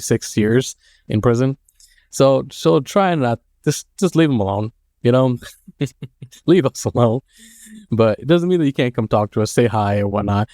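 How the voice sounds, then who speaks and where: A man in his thirties giving casual vlog advice, rambling and halting. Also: medium pitch, warm tone, no echo. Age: 30s. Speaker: mail carrier and vlogger.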